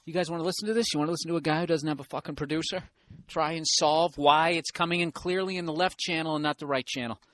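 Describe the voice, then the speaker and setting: A man's voice: a little high, fairly even intonation, fast talker, a bit bright. A man hosting his own podcast from a hotel room, ranting in a sarcastic, profane, rambling way. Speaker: podcast host. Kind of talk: solo comedic podcast rant.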